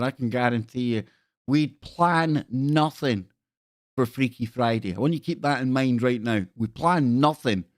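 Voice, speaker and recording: A man hosting a relaxed live stream, sounding scornful and rambling as he talks to his viewers. His voice sits at an ordinary pitch and is recorded close and dry, with no room sound. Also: no echo. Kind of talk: casual live stream chat.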